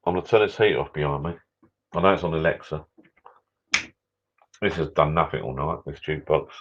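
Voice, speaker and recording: A middle-aged man with a rumbling low voice talks a little fast on a live stream from the small indoor bar in his backyard shed. Tired and a few beers in, he rambles casually and swears mildly, over a noisy background and dull lo-fi stream audio.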